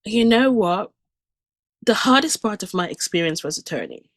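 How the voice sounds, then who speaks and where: With lively intonation and a medium pitch, a woman speaks at normal speed, with no room sound, about her near-death experience. Her testimony as a guest is sincere and vivid, and she restarts sentences as emotion builds.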